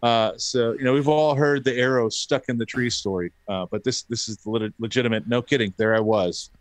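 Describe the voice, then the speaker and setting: A man in his thirties tells a story in relaxed, casual talk. He jumps up in pitch to act out what others said, and his voice sounds dry and close to the mic. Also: fairly quick, dry recording. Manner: animated, acts out quotes. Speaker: podcast guest.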